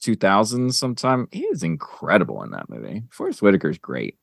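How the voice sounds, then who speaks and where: A man's voice: on the low side, huge pitch swings, brisk, gravelly, no room sound. A man hosting a podcast in casual chat, rambling with lots of fillers as he counts down a list. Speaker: podcast host.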